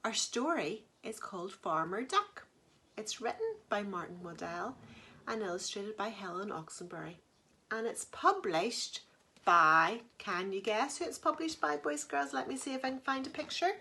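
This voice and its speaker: A woman reading a picture book aloud to children, animated and asking them questions as she goes. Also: mid-range voice, normal speed, slight background noise. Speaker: children's storyteller.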